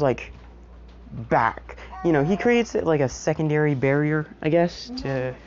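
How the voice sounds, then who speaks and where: Casting: low-voiced woman narrating a fan story, loose and rambling, muffled home recording with noise. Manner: rambling, filler-heavy with constant "you know". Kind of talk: casual story recap vlog. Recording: muffled lo-fi audio with household noise.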